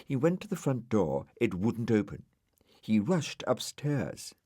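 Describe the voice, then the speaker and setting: Unhurried man reading a storybook aloud. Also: lowish voice, dry recording, studio quality. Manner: gently expressive. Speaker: audiobook narrator.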